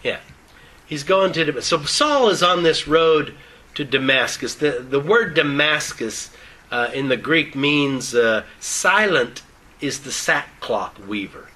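A man's voice: fairly high pitch, lively intonation, slow pace, pushed and bright, low-quality recording. Folksy older male Bible preacher. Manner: folksy and joking, with reading of scripture. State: loose dentures. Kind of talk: informal Bible teaching.

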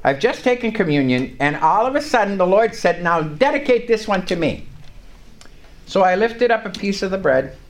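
An older man with a high, sing-song voice preaches a sermon in church at a normal speed, telling a story in emphatic, rising lines. The congregation responds in the background.

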